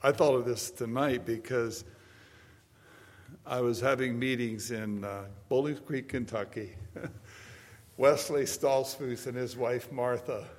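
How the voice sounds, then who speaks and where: A man in his seventies preaching a sermon, moving between quiet storytelling and loud, emphatic preaching. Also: mid-range voice, takes it slowly, pauses often. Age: 70s. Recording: long hall reverb.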